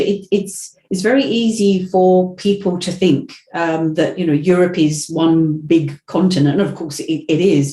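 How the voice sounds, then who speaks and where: Essex-accented woman, dark echoey sound. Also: lowish voice. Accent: Essex English. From Essex, England. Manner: chatty, with frequent restarts. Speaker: podcast guest, voiceover artist. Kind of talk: casual interview chat.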